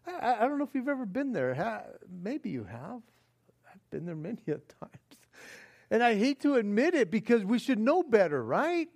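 A man's voice: high-pitched, takes it slowly, creaky, pauses often. A male pastor preaching a sermon, acting out panicked pleas and laughing often between points. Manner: animated, acts out panicked pleas with frequent laughs.

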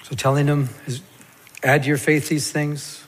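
A man preaching a sermon as a pastor, telling the scripture story in a lively way and acting out the stammering parts. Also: on the high side, normal speed. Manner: animated storytelling, acts out Peter's stammer. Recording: long hall reverb.

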